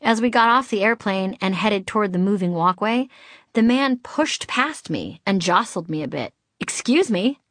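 A woman's voice: mid-range voice, expressive, moderate pace, fairly bright tone, no echo. A middle-aged woman from Boston reading her own memoir aloud, candid and wry with comic timing. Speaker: author narrating her memoir.

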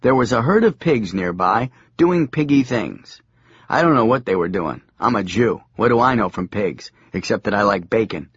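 A male audiobook narrator with a husky voice and a lively, varied pitch. His delivery is dry and deadpan. The recording is close and slightly dull. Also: normal speed, no room sound. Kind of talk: audiobook narration, comic novel.

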